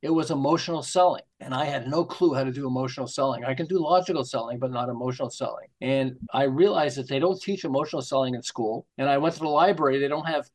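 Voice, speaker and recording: A man in his sixties from Montreal, an author answering interview questions with lively stories and acted-out voices. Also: mid-range voice, fast talker, hardly any pauses. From Canada, Montreal. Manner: animated storyteller acting out quoted voices. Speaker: guest author.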